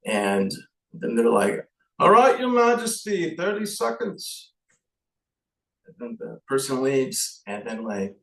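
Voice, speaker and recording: A man giving a casual, halting movie review, slow and full of fillers and restarts. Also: mid-range voice, far from the mic. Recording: echoey room, off-mic.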